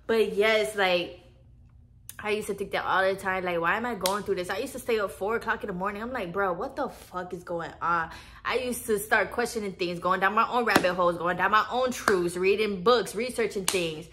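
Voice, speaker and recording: A young woman talking casually to her viewers in a spiritual vlog. She is animated and swears often, and she laughs a lot. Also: mid-range voice, normal speed, noisy background. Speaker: vlogger.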